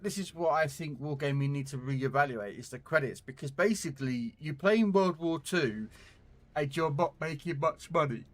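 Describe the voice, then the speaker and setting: A man's voice: a little high, normal speed. A man streaming a tank game, chatting casually and rambling as he repeats words while thinking aloud, on a desktop condenser mic. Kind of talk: casual gameplay commentary.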